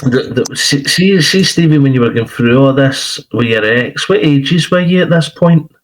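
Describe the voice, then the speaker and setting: A man's voice: medium pitch, lively intonation, moderate pace, rough recording. A man hosting a podcast, asking casual questions with stammering restarts. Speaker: podcast host.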